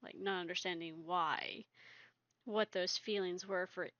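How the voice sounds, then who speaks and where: Brief: woman playing a stern, cold tomcat, low and quiet, bright tone, lo-fi sound. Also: steady tone, a little slow, dry recording. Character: stern older male warrior cat, cold.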